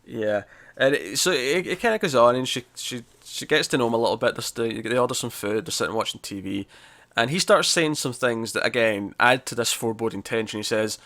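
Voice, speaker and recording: Male co-host, mid-pitch, loose chatty review delivery with lots of restarts. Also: pushed and bright. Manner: rambling, restarts, acts out scenes in quick voices. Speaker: podcast co-host reviewing a TV episode. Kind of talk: casual spoiler review chat.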